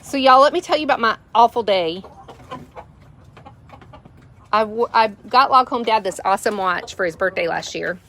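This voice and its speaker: A woman's voice: a little high, normal speed, pauses often, fairly bright tone, a little hiss or hum. A middle-aged woman, hosting a vlog and telling a rambling story with many fillers. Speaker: vlogger, channel host. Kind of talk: casual storytelling to camera. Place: rural homestead, outdoors.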